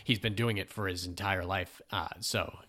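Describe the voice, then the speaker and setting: A man from the United States chatting casually as a podcast host, rambling and animated, swearing now and then and laughing at his own asides. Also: deep voice, normal speed. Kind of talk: casual chat.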